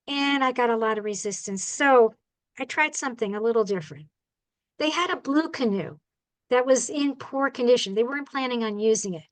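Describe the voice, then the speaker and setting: A woman who rehabilitates birds, telling animated stories in a chatty talk to a club. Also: high-pitched, moderate pace, rough recording. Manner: animated, acts out the people and birds in her stories; chatty, asks the audience "all right?". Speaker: bird rehabilitator giving a talk.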